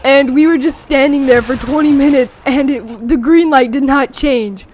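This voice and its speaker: A young teenager rambling excitedly through a story with many fillers, talking over gameplay. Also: high-pitched, moderate pace, a little hiss or hum. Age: young teen. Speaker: gameplay commentator.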